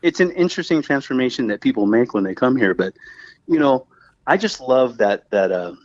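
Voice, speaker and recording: A man's voice: mid-range voice, animated, a little fast, no echo, dull audio. Laid-back Southern Californian man, rambling. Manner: rambling, laughs often, acts out quoted voices. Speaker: guest musician. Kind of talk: casual interview chat.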